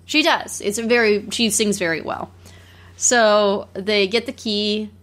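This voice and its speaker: She's a podcast co-host, casually and animatedly recounting a cartoon's plot with easy laughter. Her medium-pitched voice is a bit bright, unhurried, and fairly even in intonation.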